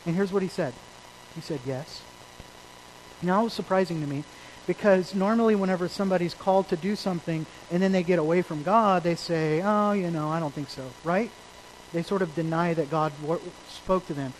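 Man, pastor preaching, high voice, earnest storytelling, loud and then hushed, faint hum behind. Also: brisk, low-quality recording. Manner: earnest storytelling, swings between loud emphasis and quiet asides. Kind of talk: sermon.

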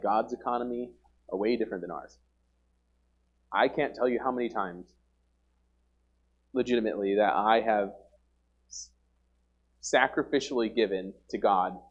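A man's voice: medium pitch, muffled recording. A young man preaching an informal sermon to a church congregation, earnest and emphatic, often repeating himself and using "like" as a filler. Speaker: lay preacher. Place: church service before a congregation.

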